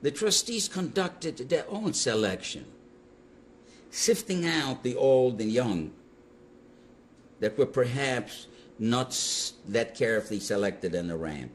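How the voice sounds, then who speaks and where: An older man, a Holocaust survivor, recounting his memories to an interviewer in emphatic, animated storytelling. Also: medium pitch, slow pace, a little hiss or hum. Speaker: Holocaust survivor giving testimony.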